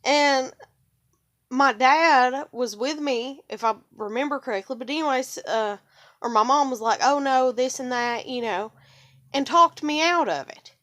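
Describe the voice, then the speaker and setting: A woman's voice: sits high, unhurried, fairly bright tone. A young adult woman talking in a casual personal monologue, venting her frustration in a rambling, profane way. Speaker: vlogger.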